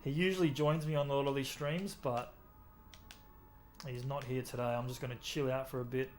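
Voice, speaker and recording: A young Australian man with an Australian accent, chatting casually with his stream chat while playing a racing game, relaxed and talkative. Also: medium pitch, brisk, soft background music.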